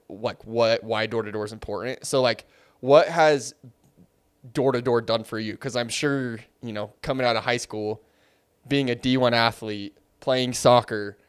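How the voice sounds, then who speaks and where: A man's voice: medium pitch, smooth. A man hosting a casual podcast interview, reflecting and asking broad framing questions. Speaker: podcast host.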